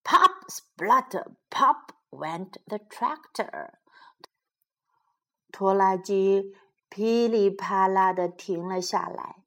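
A woman teacher reading a children's storybook aloud in English and then retelling it, slow, clear and expressive. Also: mid-range voice. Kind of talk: bilingual storybook read-aloud for kids.

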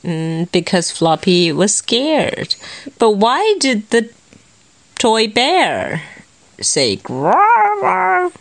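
A woman's voice: a little high, huge pitch swings, very slow, vocal fry. A young woman hosting a bilingual story lesson, explaining words, asking questions and laughing often as she chats. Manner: chatty, inquisitive, laughs often. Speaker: host and English teacher.

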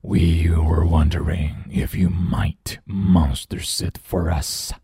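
Male narrator as a deep, scary storybook monster, hushed and breathy, set back from the mic. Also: little pitch movement, slow, no echo, clean studio sound, exaggerated voice. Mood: spooky. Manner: hushed, breathy growl from a distance.

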